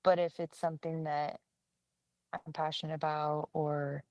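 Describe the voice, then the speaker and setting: A woman's voice: deep voice, level tone, measured pace, a little mellow, no room sound, dull audio. A woman in casual chat, telling stories and acting out quoted lines with laughter. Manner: chatty storyteller, often laughing, acts out quotes. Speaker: guest co-host, younger sister.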